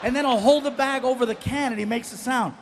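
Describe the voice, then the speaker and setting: High-voiced middle-aged man, animated stand-up storyteller. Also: fast talker, noisy background. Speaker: stand-up comedian. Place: live stage.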